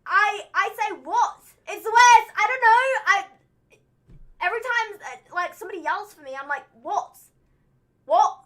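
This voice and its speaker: A woman's voice: very high voice, expressive, a little fast, a bit bright. A British woman co-hosting a casual livestream chat, playful and teasing, laughing often. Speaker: co-host of a wrestling livestream.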